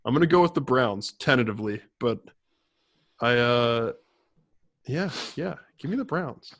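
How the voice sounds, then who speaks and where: A man's voice: mid-range voice, expressive, measured pace, fairly bright tone, dry recording. Dry-humored young man making tentative picks. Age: young adult. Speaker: co-host. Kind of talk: casual sports chat.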